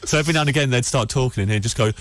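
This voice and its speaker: A man's voice: mid-range voice, rapid-fire, dry recording. Rambling man telling a story. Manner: rambling, self-deprecating, restarts often. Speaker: podcast host. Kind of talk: casual anecdote telling.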